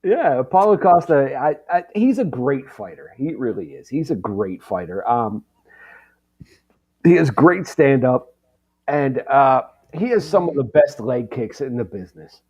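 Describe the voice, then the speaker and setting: A man co-hosting a podcast, giving casual fight analysis in a halting way, with many ums. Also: mid-range voice, very animated, a little mellow, slightly rough. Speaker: podcast co-host.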